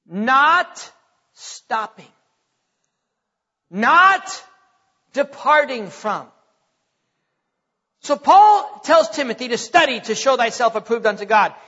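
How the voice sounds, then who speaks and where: A male pastor delivers a sermon with emphatic repetition and dramatic slowdowns. His voice sits very high and sounds bright and forceful. The recording is dull, with a long church reverb. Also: animated. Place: church sanctuary.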